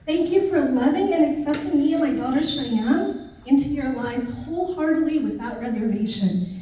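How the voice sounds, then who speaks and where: A woman in her thirties gives a heartfelt speech in a large indoor hall, heard from a distant microphone with heavy, echoing reverb. Her voice sits a little high but sounds mellow, and she moves between thanking people by name and telling light anecdotes. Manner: heartfelt, lists names, tells light funny stories. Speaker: newly sworn judge giving a thank-you speech. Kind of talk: formal ceremony speech with personal anecdotes. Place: large indoor ceremony room.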